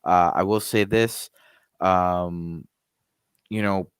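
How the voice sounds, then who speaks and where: A man's voice: low-pitched, fairly even intonation, drawn-out words, clear, resonant tone, no echo, clean studio sound. A man co-hosting a casual sports podcast who talks in a polite, rambling way and apologizes for interrupting. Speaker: podcast co-host.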